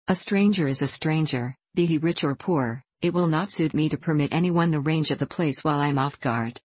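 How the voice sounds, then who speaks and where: A woman voicing a stern, gruff landowner in an audiobook, slow and cold in every word. The voice sits low and is recorded dry and close. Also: darkish tone, dry recording. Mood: curt. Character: stern, gruff middle-aged male landowner. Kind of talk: audiobook reading.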